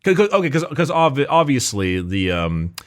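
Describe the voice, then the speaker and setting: A man's voice: medium pitch, sing-song, moderate pace. A man in casual podcast chat, rambling with lots of fillers and restarts, laughing often. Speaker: podcast co-host.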